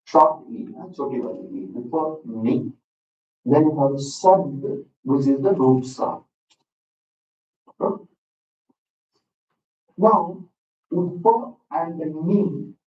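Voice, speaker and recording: A man with an Indian English accent lectures a class at a slow, unhurried pace, his voice sitting a little high. He is picked up by a distant microphone in a roomy hall, so the sound comes out echoey and dull. A light hum of ambience sits under his words. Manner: slow, deliberate teaching with frequent "okay" and repetition. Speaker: lecturer on Sanskrit texts. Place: school hall.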